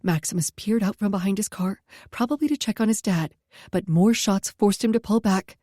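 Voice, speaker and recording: A woman reading a first-person story aloud at a steady pace, close to the mic. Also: medium pitch, moderate pace, no room sound. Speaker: audiobook narrator.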